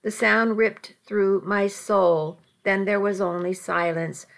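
A woman's voice: mid-range voice, fairly even intonation, slow, vocal fry. A woman narrating a first-person story with dramatic, emotional delivery.

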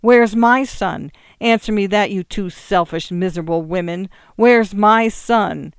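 A reader voicing a heartbroken middle-aged man in a storybook, shouting in anger. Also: medium pitch, measured pace, clear, resonant tone, no room sound, clean studio sound, close to an everyday voice. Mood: furious. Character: middle-aged man, grieving, bursting into rage. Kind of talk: audiobook reading.

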